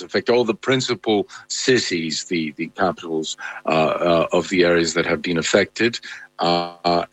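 A male correspondent answering live news questions, halting with many fillers and restarts. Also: low-pitched, no echo, poor audio.

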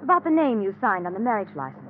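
An actress playing a frightened young woman in an old-time radio drama, pleading and breathy. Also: medium pitch, sing-song, quick pace, natural voice. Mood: plaintive. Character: frightened young woman, fiancee being murdered. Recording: lo-fi phone-like old radio recording with hiss.

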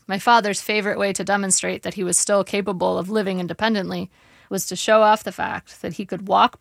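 Female memoir narrator, measured and wry, with gravelly fry. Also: medium pitch, dry recording, clean studio sound. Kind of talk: memoir audiobook reading. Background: faint guitar music.

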